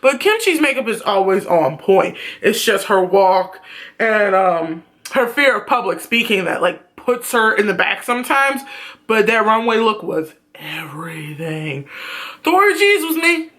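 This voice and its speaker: A man giving a blunt, profane, animated ranting review on his vlog. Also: sits high, measured pace. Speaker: YouTube reviewer.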